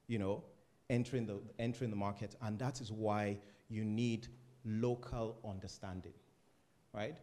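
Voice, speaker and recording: A man from Africa, a startup founder, speaking casually on a panel and acting out loud conversations with a laugh. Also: on the low side. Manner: animated, acts out loud phone talk with laughter.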